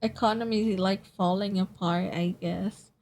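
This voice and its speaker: A woman's voice: mid-range voice, steady tone, unhurried, a little mellow. A sleepy young woman from the Philippines, streaming and chatting casually, rambling, yawning, laughing often and swearing. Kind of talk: casual chat.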